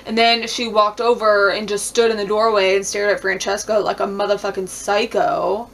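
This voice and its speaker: A woman's voice: mid-range voice, flat delivery, normal speed, hardly any pauses. A woman recapping a reality show in a casual vlog, talking bluntly with lots of swearing and "like", and laughing often. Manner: blunt, profane, heavy use of "like".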